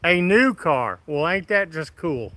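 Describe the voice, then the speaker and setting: A man's voice: fairly high pitch, lively intonation, measured pace, pushed and bright, dry recording, low-quality recording. A man hosting a casual live stream, greeting viewers by name in a folksy, friendly way. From Midwest of the United States. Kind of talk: casual live stream chat reading comments.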